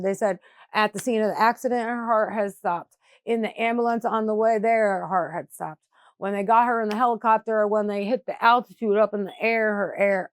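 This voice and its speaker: A middle-aged woman from New York State tells her family's story on camera for a documentary. She talks candidly, in everyday words, leaning on "like" and "you know". Her voice sits at a medium pitch in a dry, close recording. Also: dry recording. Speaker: mother of a crash victim. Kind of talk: documentary interview.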